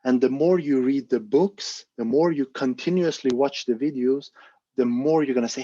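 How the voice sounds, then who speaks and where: A man hosting an online talk, speaking earnestly and encouragingly, with fillers as he thinks aloud. His voice is dark and a little husky. The call audio is dry and muffled. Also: mid-range voice, moderate pace. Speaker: volunteer presenter of an online discussion. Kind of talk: casual explanatory talk on a video call.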